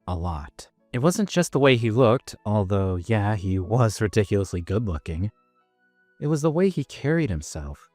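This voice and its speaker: A man tells a first-person story in a casual, self-mocking way. His voice is on the low side but rises and falls with plenty of life. The recording is dry and close, with faint music beneath. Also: very animated, moderate pace, a little mellow, no room sound. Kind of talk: first-person scripted narration.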